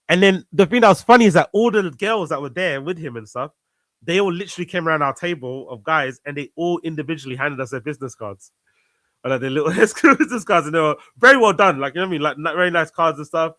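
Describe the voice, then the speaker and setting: Brief: relaxed male guest, slightly high voice, dry close sound. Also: fast talker, no room sound. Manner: laid-back, rambling, swears casually. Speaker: guest, fellow show host. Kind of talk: casual chat on a live stream.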